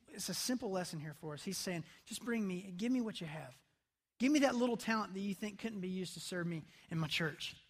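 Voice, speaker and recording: High-voiced pastor preaching conversationally. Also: male voice. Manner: conversational preaching, drops to soft intense tones. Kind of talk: sermon. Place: church sanctuary.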